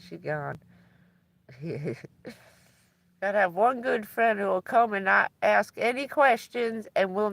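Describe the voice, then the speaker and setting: Slow, chatty woman who laughs a lot. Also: mid-range voice, creaky, a bit bright, no echo. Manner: laughs often while telling stories. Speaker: livestreamer. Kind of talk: casual livestream chat. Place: inside a van.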